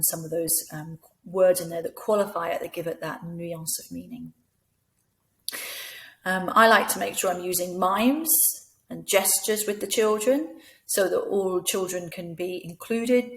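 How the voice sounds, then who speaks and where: A woman leading a teacher training session, explaining things patiently and clearly, often acting out words in different voices. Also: fairly low pitch. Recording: echoey room.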